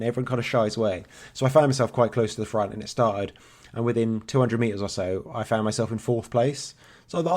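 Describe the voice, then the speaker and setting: A man's voice: medium pitch, quick pace, a little mellow. A man in his thirties, co-hosting a podcast in casual, rambling chat and swearing freely. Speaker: podcast co-host.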